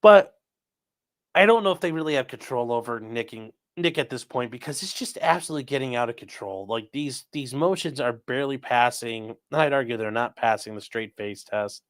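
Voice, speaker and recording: A man hosting a live stream, reading out viewers' messages in a chatty, blunt way. He swears freely and sounds sarcastic. His pitch swings up and down a lot around a middling level. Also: expressive, normal speed. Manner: reads viewer messages aloud, with asides. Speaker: livestream host reading chat. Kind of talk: casual live commentary.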